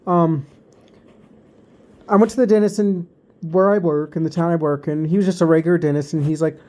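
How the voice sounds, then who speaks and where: A man's voice: on the high side, steady tone, brisk, warm tone. A man telling a personal story to his subscribers in a loose, rambling way, full of ums and restarts. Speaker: vlogger. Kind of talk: casual storytime vlog.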